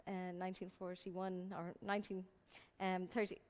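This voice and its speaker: A woman chatting hesitantly on stage at a library event, introducing readings with many pauses. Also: lowish voice, level tone, big-room sound. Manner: hesitant, many ums, soft and trailing. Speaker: performer and reader at a library event. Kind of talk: casual stage chat. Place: public library event room. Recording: live event with music behind.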